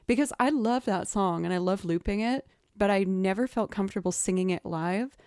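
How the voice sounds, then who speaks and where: A woman streamer chatting casually with her viewers between songs, thanking them and filling pauses with "um". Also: medium pitch, darkish tone, clean tone, no room sound, clean studio sound. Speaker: streamer and musician. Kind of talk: casual live-stream chat.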